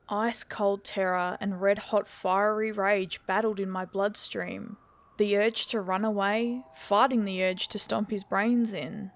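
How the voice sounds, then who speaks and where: Woman, horror story narrator, steady, measured, mid-pitched. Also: vocal fry.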